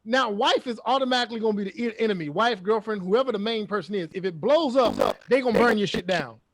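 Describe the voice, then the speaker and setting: A man's voice: high voice, fast. A man hosting a casual chat, giving his opinion emphatically and repeating his points. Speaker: podcast host.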